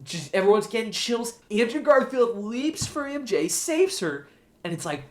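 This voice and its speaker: A man hosting his own show, giving an excited, gushing solo movie review. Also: sits high, normal speed. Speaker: show host, film reviewer.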